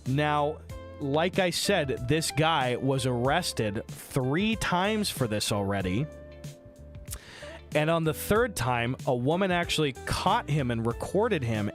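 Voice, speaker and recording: A young man streaming from home into a desk microphone, telling a story in a casual, animated way, swearing often and acting out what others said. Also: medium pitch.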